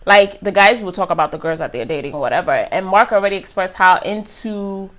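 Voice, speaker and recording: A young woman recapping a reality show in a loose, slangy, chatty way. Her voice sits at an ordinary middle pitch, and she keeps the telling animated and conversational. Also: fairly quick. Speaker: YouTube reviewer. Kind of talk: casual recap commentary.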